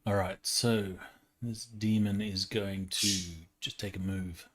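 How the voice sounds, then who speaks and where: A man's voice: on the low side, flat delivery, slow pace. A man running a tabletop game as game master, explaining rules in a patient, matter-of-fact way.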